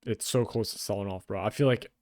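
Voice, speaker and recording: A young man giving casual, excitable live trading commentary, swearing often and calling people "bro". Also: on the low side, fast talker, no echo, clean studio sound. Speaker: day trader.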